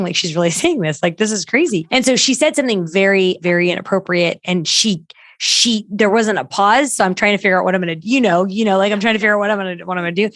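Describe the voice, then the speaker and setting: A middle-aged woman on a podcast, animated and quick to act out both sides of a conversation. Her voice sits at an ordinary pitch and is recorded close and dry, with no room around it. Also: dry recording. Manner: lively storyteller, acts out quoted dialogue with laughter. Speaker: podcast guest, partnerships consultant. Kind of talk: animated interview chat.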